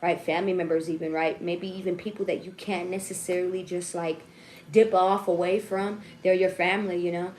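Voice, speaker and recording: A woman's voice: lowish voice, flat delivery, fairly quick, darkish tone, slight background noise. A young woman giving a casual tarot reading to her viewers. She jokes, swears, laughs at herself and keeps checking in with "okay?" and "right?". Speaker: tarot reader.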